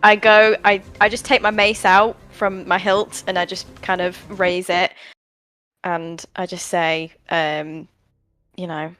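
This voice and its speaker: A woman's voice: on the low side, little pitch movement, takes it slowly, a bit bright, smooth, dry recording, faint music behind. A woman player describing her character's actions in a tabletop game, hesitant and giggly. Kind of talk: casual tabletop play.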